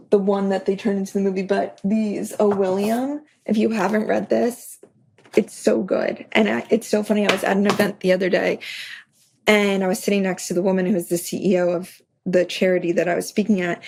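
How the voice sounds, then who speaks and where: Woman, podcast guest author, chatty and anecdotal; gravelly, husky voice. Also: medium pitch, a little mellow. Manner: chatty, full of "like", acts out her own anecdotes. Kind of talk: casual podcast interview.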